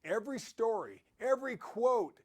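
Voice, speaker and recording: Animated, high-voiced man giving motivational talk. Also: moderate pace. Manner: animated, rambling storyteller.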